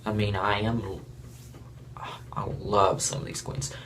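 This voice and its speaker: A man's voice: fairly low pitch, flat delivery, takes it slowly, a bit bright, in a whisper. A man from Florida giving a casual, blunt and rambling review of a reality show, with chuckling asides.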